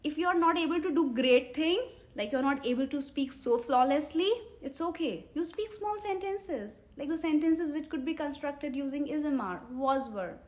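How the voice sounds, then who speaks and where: A woman's voice: high voice, expressive. A woman in her thirties with an Indian English accent, coaching English learners on a live stream, coaxing viewers and reading their comments aloud. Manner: earnest, coaxing, repeats questions to viewers; pauses to read and answer viewer comments. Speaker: English teacher.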